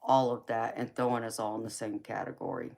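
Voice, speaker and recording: A woman's voice: rumbling low, little pitch movement, brisk, vocal fry, a little mellow. A woman reading tarot on a live stream, talking casually with her chat and laughing often between remarks. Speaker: livestream tarot reader. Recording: noisy livestream audio.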